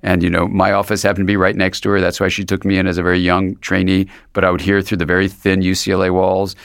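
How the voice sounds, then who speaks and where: A man's voice: sits low, monotone, quick pace, gravelly, clean tone, dry recording, clean studio sound. A man, a psychiatrist being interviewed, talking in a thoughtful, meandering way with frequent restarts. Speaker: psychiatrist and guest. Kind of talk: reflective conversational interview.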